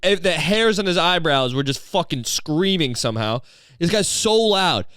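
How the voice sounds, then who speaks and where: A comedian and podcast host, a man with a fairly high, smooth and resonant voice, rambling through a profane, deadpan comic monologue. He wanders off on tangents and swears often. The recording is dry and close, with no room sound. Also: moderate pace, no room sound. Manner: profane, digressive, deadpan storytelling.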